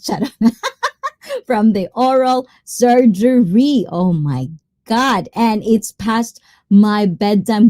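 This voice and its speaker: A woman's voice: a little high, dark tone, no echo. A woman hosting a casual livestream chat, playful and teasing with her viewers and mixing Tagalog fillers into her English. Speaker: livestream host.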